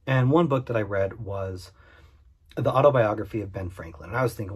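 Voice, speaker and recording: A man's voice: on the low side, animated, fairly quick, slightly rough. A man and small business owner speaking earnestly and candidly in a vlog monologue, repeating his points for emphasis. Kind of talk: direct-to-camera vlog monologue.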